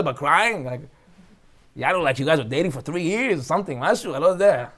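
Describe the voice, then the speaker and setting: A man's voice: on the high side, a little fast. A man teaching a Torah class as a rabbi, speaking emphatically and acting out the people he quotes. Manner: animated, emphatic, acts out quoted voices.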